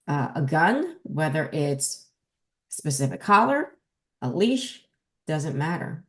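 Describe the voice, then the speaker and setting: Woman, New Jersey accent, dog trainer podcast host, lower voice, emphatic teacher. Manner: emphatic, lively teaching delivery. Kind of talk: casual podcast talk.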